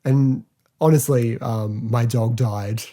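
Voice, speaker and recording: Mellow, chatty man hosting a podcast. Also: mid-range voice, steady tone. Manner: chatty, rambling, filler-heavy, quick to laugh. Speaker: podcast host. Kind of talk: casual solo podcast review.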